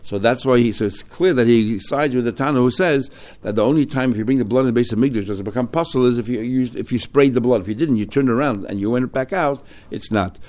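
A man's voice: medium pitch, fast, few pauses, darkish tone. A man teaching a Talmud class, reading Hebrew phrases in a chanting cadence and explaining each one in English. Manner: explains line by line, switching between Hebrew terms and English.

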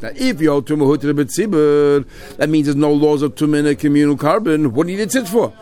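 A man's voice: fairly high pitch, lively intonation, fast talker, mellow. Guy teaching talmud, reads a line then explains it, lots of restarts. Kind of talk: Talmud lesson, mixing Hebrew-Aramaic terms and English.

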